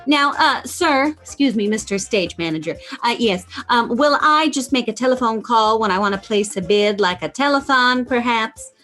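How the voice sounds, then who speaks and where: A woman's voice: on the high side, expressive, normal speed, few pauses, a bit bright, soft background music. A woman doing a giddy 1950s sitcom housewife. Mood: flustered. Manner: gushing, flustered, comic. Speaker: comic performer at a fundraiser.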